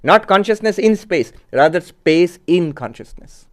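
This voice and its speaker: Man, Vedanta teacher, slightly high voice, asks rhetorical questions. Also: animated. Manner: measured and explanatory, posing rhetorical questions. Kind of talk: spiritual discourse.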